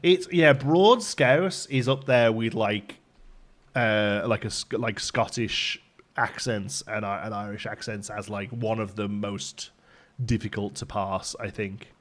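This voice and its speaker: A man's voice: lowish voice, steady tone, takes it slowly, fairly bright tone. Chatty man live-streaming a game. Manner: chatty, laughs often while talking. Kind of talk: casual live-stream chat. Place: home in Ontario, Canada.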